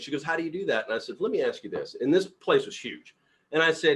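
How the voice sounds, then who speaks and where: A man's voice: on the high side, quick pace. Upbeat middle-aged man telling stories. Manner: upbeat, animated storyteller who acts out dialogue. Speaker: company CEO leading a team meeting. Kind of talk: casual motivational talk with personal stories.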